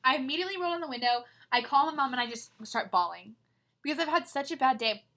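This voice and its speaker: A young woman co-hosting a podcast, telling her stories in an animated, dramatic way in casual chat. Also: high voice, fast. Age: young adult. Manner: animated storytelling, dramatic retellings. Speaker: podcast co-host.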